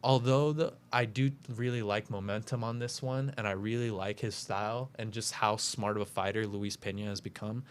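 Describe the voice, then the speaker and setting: A man's voice: lowish voice, fairly even intonation, normal speed, hardly any pauses, smooth. A man hosting a casual talk show, breaking down upcoming fights with lots of fillers and self-corrections. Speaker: podcast host making fight picks.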